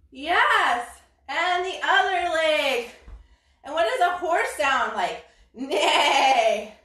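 A woman leads a playful toddler yoga class with a high, bright voice that swoops around. She talks slowly and makes animal sounds. The sound is roomy and she stands back from the mic. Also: recorded from a distance. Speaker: yoga instructor.

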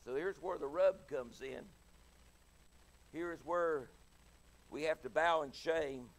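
A middle-aged man preaching an evening sermon with passion, dropping soft and then rising loud as he acts out pleading voices. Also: on the high side, slow, long pauses.

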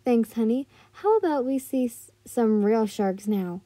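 A woman voicing a brash young father who is a pro hero, teasing his daughter in gruff, mocking banter. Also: on the high side, expressive, measured pace, dark tone, no room sound. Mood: fond.

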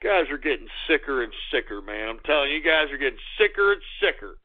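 A man with a Texan accent hosting an internet radio talk show, blustery and indignant, drawing words out and then ranting fast. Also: medium pitch, very animated. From Texas. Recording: tinny phone-line sound.

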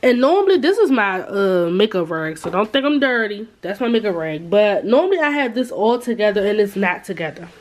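In a sing-song, medium-pitched voice, a woman in her twenties talks fairly quickly with few pauses. Vlogging casually on her own camera, she fills her chat with fillers and asides to viewers, moving from a store to her bedroom.

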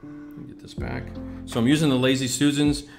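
A man of middling pitch runs a loose, talkative livestream demo on model painting. He rambles between tangents and swears freely. Music plays clearly under his voice. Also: level tone, fairly quick. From United States. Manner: rambling, chatty, swears casually. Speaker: scale-model painting instructor. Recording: music playing clearly behind the voice.

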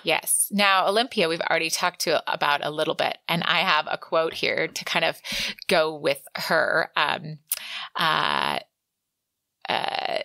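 A woman's voice: sits low, lively intonation, measured pace, gravelly, sharp tone, dry recording. A woman co-hosting a book podcast, chatting casually and reading quotes aloud with a bit of acting. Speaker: podcast co-host.

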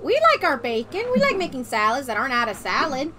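A woman's voice: sits high, sing-song, fast, over loud music. A woman putting on a Minnesotan accent, voicing a cheery, friendly Minnesotan woman in a sing-song way. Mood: chirpy.

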